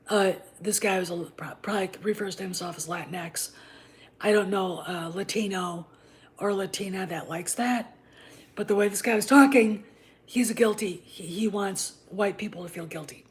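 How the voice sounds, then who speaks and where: A woman's voice: medium pitch, measured pace, long pauses. Blunt, profane woman vlogger. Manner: blunt and profane, opinionated rambling. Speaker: host of a channel on the Star Wars franchise. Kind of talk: casual commentary vlog.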